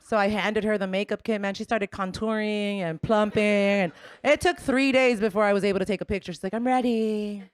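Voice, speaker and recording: A woman's voice: medium pitch, steady tone, a little fast, hardly any pauses, clean tone. A woman in her forties from Colombia, doing a brash, bawdy stand-up comedy set. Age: 40s.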